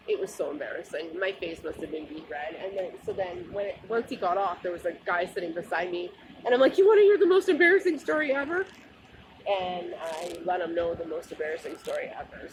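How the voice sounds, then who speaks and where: A woman's voice: on the low side, noisy background. A woman vlogger telling a funny, embarrassing story in a rambling, casual way, full of fillers, from a bus stop outdoors.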